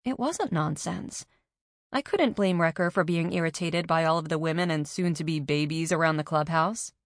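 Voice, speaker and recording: A woman with a low voice reads a first-person audiobook in a measured, even way. The recording is close and dry, with no room sound. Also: dry recording.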